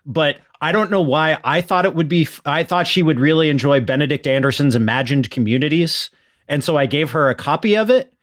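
A man in his thirties with a slightly raised pitch chats on a podcast. He jumps in with jokes and animated questions, and his talk is quick to rise in excitement. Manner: animated, joking, interjecting. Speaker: podcast co-host. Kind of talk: casual chat.

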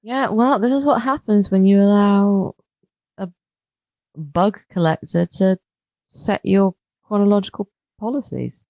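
A woman co-hosting a comedy podcast, chatting in a wry, mock-earnest way with halting restarts. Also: medium pitch, dry recording, muffled recording. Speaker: podcast co-host. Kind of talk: casual comedic chat.

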